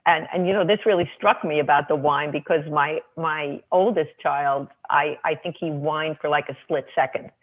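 Husky mom on a tinny phone line. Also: female voice, low-pitched, normal speed, few pauses. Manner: relaxed, anecdotal, hesitant restarts. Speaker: parenting book co-author, mother of two. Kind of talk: casual conversational storytelling.

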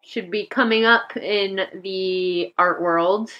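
A woman hosting a casual podcast in a relaxed, drawn-out way. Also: medium pitch, lo-fi sound. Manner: relaxed, drawn-out, trailing phrasing. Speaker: podcast co-host.

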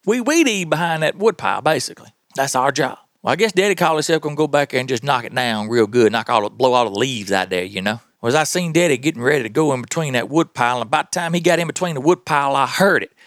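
A man's voice: medium pitch, fast, hardly any pauses, dry recording, clean studio sound. Folksy Southern man telling tall tales. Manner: folksy, animated, laughing. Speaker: podcast host. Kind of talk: tall-tale storytelling.

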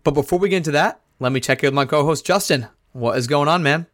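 A man co-hosting a podcast in casual chat, upbeat and chatty, with a slightly hoarse voice. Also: on the high side, fast talker, fairly bright tone, no room sound, studio quality. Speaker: podcast co-host.

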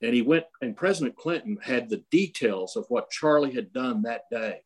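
Older male guest, casual anecdotal delivery, halting with frequent fillers. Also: medium pitch, expressive. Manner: rambling, many fillers and restarts. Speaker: guest storyteller.

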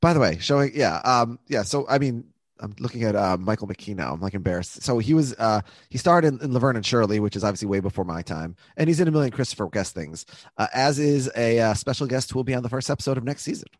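A man co-hosting a podcast, chatting casually about a TV episode with quick laughs and self-correcting asides. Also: mid-range voice, expressive, dry recording, clean studio sound. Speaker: podcast co-host.

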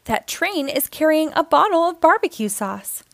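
A woman doing a high, bright young cowgirl. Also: sing-song, moderate pace, dry recording, full character voice. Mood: cheerful. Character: cheerful young cowgirl hero.

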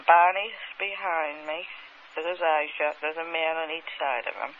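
A woman recounting a memory under hypnosis, halting and repeating words as she relives the events in the present tense. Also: low-pitched, fairly even intonation. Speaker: hypnosis subject. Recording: tinny archival tape with faint hiss.

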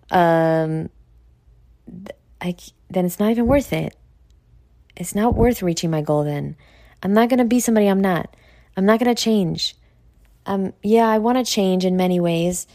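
On a dry, studio-quality recording, a podcast host from New York speaks in a low, dark voice with her native accent. Her casual monologue rambles along bluntly and profanely, now and then sinking to almost a whisper for asides.

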